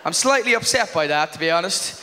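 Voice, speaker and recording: An Irish man doing a stand-up comedy routine, telling wry stories at a quick clip and acting out little asides, with audience laughter behind him. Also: sits high, animated, in a large hall, crowd noise. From Ireland. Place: live comedy venue with audience. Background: audience laughter and room noise.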